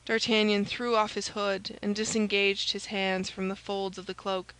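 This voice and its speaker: Woman audiobook narrator, steady, even delivery. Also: mid-range voice, normal speed, low-quality recording. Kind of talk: scripted narration.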